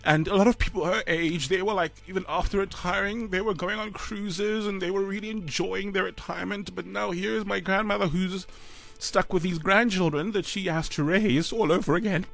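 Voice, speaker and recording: A South African man in his thirties, a radio co-host, telling a personal story in a halting, choked-up way with sighs and fillers. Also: high voice, steady tone, vocal fry, a bit bright. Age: 30s.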